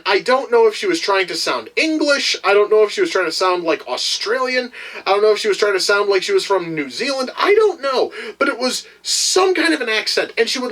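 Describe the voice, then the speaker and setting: A man's voice: high-pitched, poor audio. A man giving a casual, rambling film review, swearing often and restarting his sentences. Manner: profane, rambling, frequent restarts; animated, exasperated.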